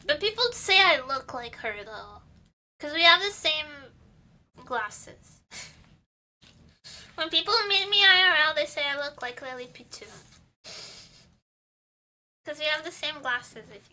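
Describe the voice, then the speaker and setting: A woman streamer whose first language is Portuguese, chatting casually and rambling with giggles while she bakes, with a squeaky voice. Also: expressive, slow, pauses often, pushed and bright. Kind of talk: casual livestream chat while baking.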